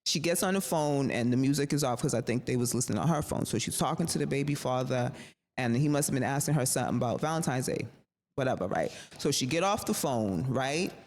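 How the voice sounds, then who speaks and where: A woman with a bass voice speaks fast while telling a personal story as a podcast guest. Her style is animated and casual, with slang, swearing and acted-out voices for the people she quotes. The space sounds reverberant, with faint noise.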